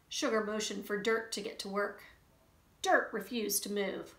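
A woman reading a children's book aloud in an expressive way to young listeners. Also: mid-range voice, normal speed. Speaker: storybook reader. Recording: roomy echo.

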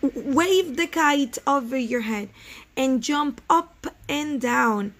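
A patient, encouraging storybook frog, read aloud by a woman, coaxing a friend along in a slow, steady voice. The tone is high, with a gravelly rasp. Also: exaggerated voice.

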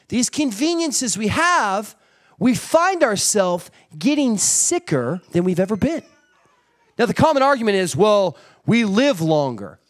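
A middle-aged man preaching a sermon, telling a story with animated energy and acting out family members. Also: high-pitched. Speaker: pastor.

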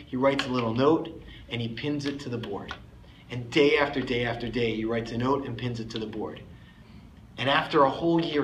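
A man's voice: medium pitch, a little hiss or hum. A man giving a sermon as a rabbi, telling a story emphatically and lifting his voice on key words. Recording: echoey room, faint ambience.

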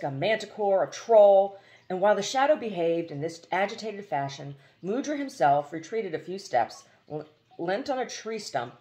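A woman reading a novel aloud as audiobook narration, expressive, with occasional slips and restarts. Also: mid-range voice. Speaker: audiobook reader.

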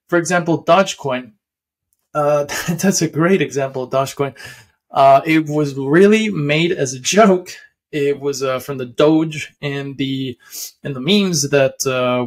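Casting: young male explainer, slightly high voice, loose rambling delivery with lots of ums and chuckles. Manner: rambling, many fillers and restarts, chuckles often. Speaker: finance video host. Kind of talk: casual explainer.

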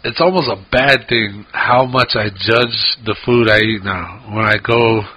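A man's voice: on the low side, a little slow, slightly rough. A man co-hosting a podcast, telling rambling stories in casual chat and swearing freely. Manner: profane, rambling storyteller. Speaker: podcast co-host. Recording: dull lo-fi podcast audio.

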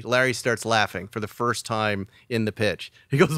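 A man's voice: medium pitch, moderate pace, few pauses, clean tone, no room sound, studio quality. A middle-aged man, a comedy writer, telling a story in a podcast interview and acting out the quotes. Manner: animated storyteller who acts out quotes.

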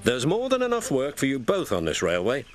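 A kindly, encouraging engine driver. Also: male voice, mid-range voice, wildly swooping pitch, a little fast, faint music behind, voice pushed up. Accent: British. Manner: kind, encouraging.

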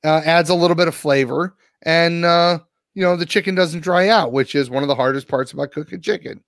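A man co-hosting a podcast, telling a long rambling story full of swearing. He is sore and worn out after a rough day. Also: fairly high pitch, fairly quick, a bit bright, no echo, clean studio sound. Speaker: podcast co-host. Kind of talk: casual podcast chat.

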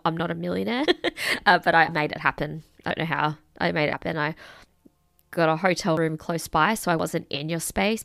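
A woman with a low, gravelly voice speaks gently and in a measured way. The recording is dry and close. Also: no echo. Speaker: co-host reading listener questions. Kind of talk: casual chat.

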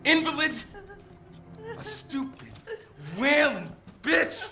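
An actor playing a hysterical, bitter villager in a video game, yelling and sneering at outsiders. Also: male voice, very high voice, lively intonation, slow pace, vocal fry, exaggerated voice. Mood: raging.

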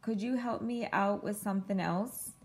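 A woman's voice: medium pitch, normal speed, slight background noise, close to an everyday voice. A woman voicing a small, eager cartoon creature while reading a picture book aloud, with a bouncy, exclaiming manner. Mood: excited.

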